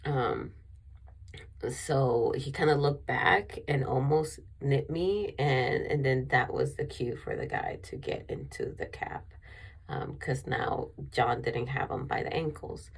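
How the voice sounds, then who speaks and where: A woman's voice: very deep voice, slow pace, vocal fry, slightly rough. A woman vlogger telling a personal story in a rambling way with many restarts, emotional and near tears.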